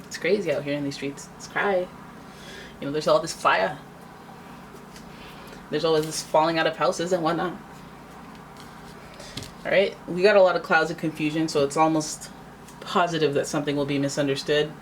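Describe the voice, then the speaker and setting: Chatty low-voiced woman reading tarot. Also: steady tone, normal speed, pauses often, slight background noise. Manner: chatty, dramatic, acts out little voices. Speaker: tarot reader.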